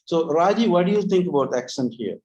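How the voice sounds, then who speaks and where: Man, fairly high voice, relaxed explainer on language learning, chatty with many restarts. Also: brisk, highs cut off. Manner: chatty, restarts often, rhetorical tag questions. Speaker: webinar co-host, English trainer. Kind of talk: casual educational talk.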